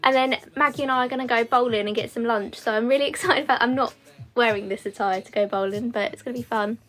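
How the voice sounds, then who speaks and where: A young woman with a fairly high voice chats away to her livestream viewers while doing her makeup. She rambles, fills her sentences with "um" and "like", and keeps it loose and friendly. Faint music plays in the background. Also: quick pace, fairly bright tone. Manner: chatty, rambling, with frequent fillers. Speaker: beauty content creator.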